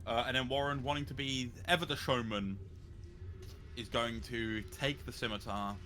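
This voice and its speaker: A man's voice: mid-range voice, fairly even intonation, normal speed, bright, forceful tone, a little hiss or hum. A man playing a tabletop game, chatting casually and cracking crude jokes. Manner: crude, joking. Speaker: player.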